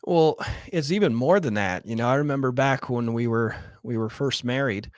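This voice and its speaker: A man's voice: mid-range voice, moderate pace, no echo, clean studio sound. A man, a real estate investor and coach, telling his story earnestly and candidly in a podcast interview, openly emotional.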